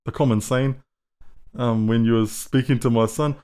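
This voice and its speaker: A middle-aged man with a New Zealand accent and a voice of middling pitch. He tells stories in a laid-back, foul-mouthed way, laughing as he goes. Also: fairly even intonation, normal speed, dark tone, smooth. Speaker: podcast guest. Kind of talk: casual storytelling.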